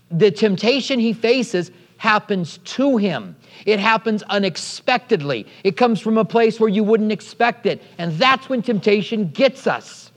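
High-voiced preacher in a reverberant hall. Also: male voice. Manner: animated storytelling with acted-out quotes. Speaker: pastor. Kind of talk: sermon.

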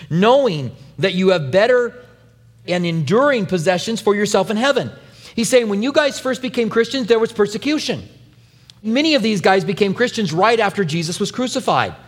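Animated male pastor preaching a sermon. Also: sits high, long reverb tail. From New Mexico. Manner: animated storytelling with acted-out quotes.

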